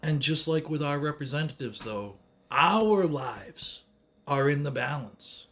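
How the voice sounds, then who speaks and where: A man's voice: on the high side, expressive, measured pace, a bit bright, a little hiss or hum. A man giving an earnest, emphatic political monologue to camera, repeating phrases to drive his points home. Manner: earnest, emphatic, repetitive rallying speech. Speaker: vlogger.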